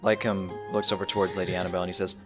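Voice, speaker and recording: A man's voice: sits low, level tone, racing, music in the background. A man narrating a tabletop game as game master, describing the scene in a loose, casual way.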